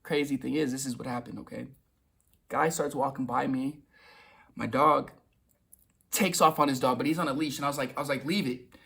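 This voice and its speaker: A young man talks straight to his vlog audience in a loose, rambling way. He restarts sentences, repeats words and drops the odd curse. His voice is husky and sits at an ordinary pitch. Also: steady tone, brisk, long pauses, fairly bright tone. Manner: swears casually. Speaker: vlogger. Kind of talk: casual storytelling monologue.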